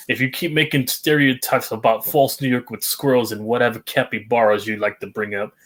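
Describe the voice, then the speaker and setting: A man in a casual sports chat, reacting with excitement as he watches baseball. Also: mid-range voice, echoey room.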